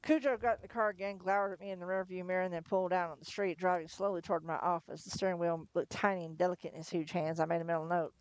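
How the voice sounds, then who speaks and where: A woman reading a novel aloud on a livestream in first person, chatty between chapters, her voice going hoarse. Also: fairly low pitch, steady tone, fast talker, hardly any pauses, dry recording. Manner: chatty, laughs between asides. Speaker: livestream storyteller.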